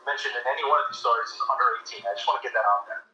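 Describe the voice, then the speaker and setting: A man's voice: medium pitch, rapid-fire, sharp tone, a little hiss or hum. A man telling a story over a phone call in a blunt, profane way. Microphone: phone line. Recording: muffled echoey phone call audio.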